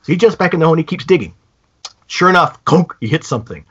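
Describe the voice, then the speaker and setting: A man co-hosting a podcast, retelling a story in a casual, animated way with many halting restarts. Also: a little high, husky. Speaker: podcast co-host. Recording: dull lo-fi podcast audio.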